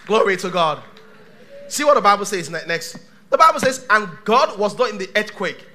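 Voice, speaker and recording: A male pastor preaching a sermon to a live church congregation, dramatic, swinging from shouts to hushed tones. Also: high voice, lively intonation, normal speed, a little hiss or hum.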